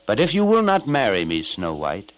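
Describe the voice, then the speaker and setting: A man voicing a young prince freed from a spell, speaking low and earnestly. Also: wildly swooping pitch, normal speed.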